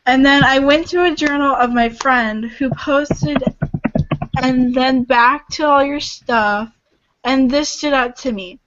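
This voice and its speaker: A woman hosting a casual livestream, talking earnestly in halting bursts with sighs and restarts. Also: high-pitched, fairly bright tone. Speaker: livestream host. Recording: dull lo-fi home stream audio.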